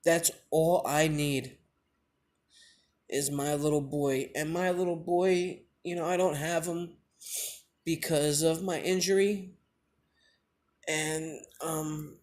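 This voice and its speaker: A young father telling a personal story in a confessional vlog, emotional and halting, with many pauses and fillers. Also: a little high, fairly even intonation, darkish tone. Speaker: father sharing his injury story.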